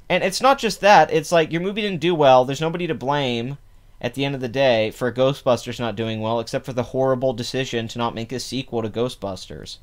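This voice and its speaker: A man's voice: mid-range voice, fairly quick. Opinionated man rambling about box office. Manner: opinionated, rambling, many fillers and restarts. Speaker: podcast host. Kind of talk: casual box office commentary.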